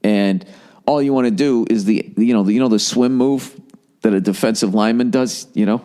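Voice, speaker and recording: A man's voice: on the low side, a little fast. A middle-aged man hosting a podcast, telling a rambling, profane story and nursing a lingering cough. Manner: profane, rambling, animated impressions. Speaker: podcast host. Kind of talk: casual storytelling monologue.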